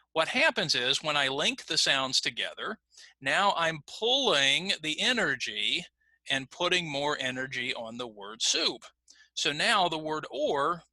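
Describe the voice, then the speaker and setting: Man, middle-aged, ESL teacher, patient explaining, animated pitch, slightly high voice. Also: no echo. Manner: patient explaining, lively intonation. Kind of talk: recorded online lesson.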